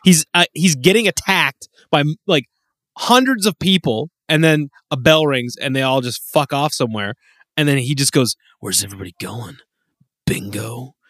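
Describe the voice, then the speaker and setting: A man's voice: on the high side, moderate pace, fairly bright tone, no room sound, clean studio sound. A man co-hosting a casual gaming chat, laughing often and swearing freely. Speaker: podcast co-host.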